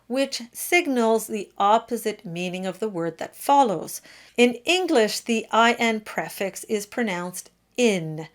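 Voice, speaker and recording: A woman giving a French pronunciation lesson for singers, explaining clearly and demonstrating each sound aloud. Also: a little high. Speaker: singing and diction teacher.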